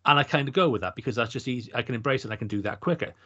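A man's voice: medium pitch, expressive, very fast, pushed and bright. A middle-aged man, co-hosting a podcast in casual chat and working through his thoughts with many restarts. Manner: thoughtful, meandering, frequent restarts. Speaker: podcast co-host. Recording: dull lo-fi podcast audio.

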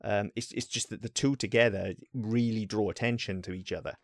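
A man's voice: on the low side, steady tone, a little fast, no echo. A Welsh man co-hosting a podcast, talking casually in a rambling way, often restarting and swearing. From Wales. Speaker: podcast co-host. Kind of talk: casual chat.

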